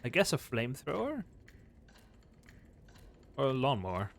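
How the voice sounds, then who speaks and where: A man's voice: mid-range voice, huge pitch swings, a little slow, gravelly. A young man streaming a game live, reacting in a casual, profane way.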